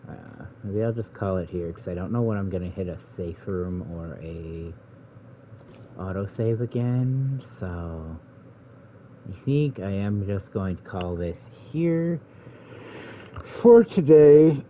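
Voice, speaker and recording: A man with a low, deep voice talks through a video game in a relaxed, rambling way, thinking aloud as he plays. The recording is dull and lo-fi, with a faint hiss underneath. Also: measured pace. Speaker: let's play gamer. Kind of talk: casual gameplay commentary.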